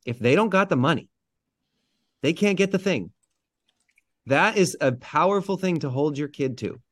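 A man's voice: fairly high pitch, animated, moderate pace, fairly bright tone, no echo. A man speaking as a podcast guest, earnest and affirming in casual conversation about parenting. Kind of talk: casual chat.

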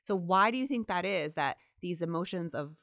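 A woman's voice: lowish voice, animated, moderate pace, a bit bright, no echo, studio quality. A woman in a casual conversation, asking curious, engaged questions. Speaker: podcast co-host.

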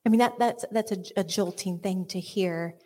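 A woman's voice: mid-range voice, moderate pace, dark tone. A woman giving earnest Christian teaching with a personal story, often dropping to a whisper and restarting her sentences. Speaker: Christian speaker.

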